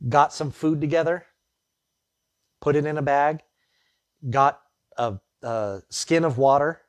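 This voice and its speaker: A man's voice: on the high side, takes it slowly, smooth, no echo. A man preaching a sermon as pastor, reading the Bible passage and then retelling the story in plain, conversational words with his own asides.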